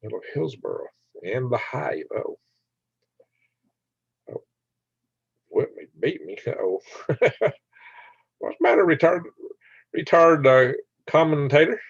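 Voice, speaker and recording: A man's voice: on the high side, expressive, takes it slowly, gravelly, long pauses, husky, dry recording, dull audio. An older man hosting a casual livestream, rambling and laughing as he answers viewers' comments by name. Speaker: channel host reading live chat.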